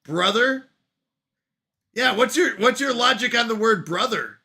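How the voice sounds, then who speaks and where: High bright-voiced laughing streamer man. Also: expressive, unhurried. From Canada. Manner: laughing, playful, bantering with chat. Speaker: livestream host reading chat. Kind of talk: casual live-stream chat. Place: at home on a couch.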